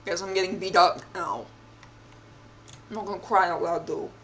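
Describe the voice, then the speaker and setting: A woman's voice: fairly low pitch, fairly even intonation, moderate pace, a bit bright, slight background noise. A young woman streamer reading a text game aloud and reacting, chatty and giggly, with a mock-indignant edge.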